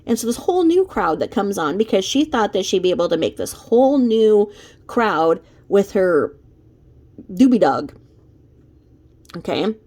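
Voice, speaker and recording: A woman's voice: mid-range voice, big pitch swings, unhurried, pauses often, darkish tone. A woman delivering a ranting commentary vlog from her home desk, emphatic and repetitive in her scolding. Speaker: commentary vlogger.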